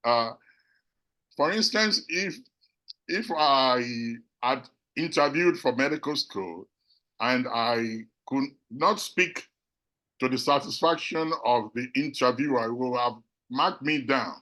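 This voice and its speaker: An older man, an immigrant physician and professor, answering a question on a panel discussion in an earnest, measured and reflective way. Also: medium pitch, animated, sharp tone, low-quality recording. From abroad, immigrant to the United States.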